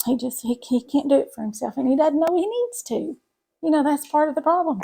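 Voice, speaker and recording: A woman's voice: high-pitched, lively intonation, fairly quick, vocal fry, warm tone. A middle-aged woman, chatting folksily to viewers while cooking in her home kitchen. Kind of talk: casual cooking chat to camera.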